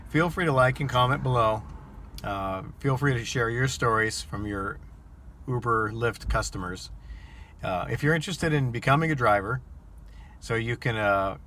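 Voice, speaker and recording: A man's voice: mid-range voice, bright, forceful tone, slight background noise. A man who drives for a rideshare service, telling a story to camera in a casual, rambling way with many ums and repeated words.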